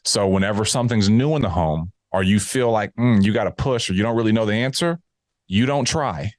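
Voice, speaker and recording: A man's voice: on the low side, brisk, no room sound. A man talking casually and emphatically as he mentors a new insurance agent, often acting out sales calls. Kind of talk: casual coaching talk.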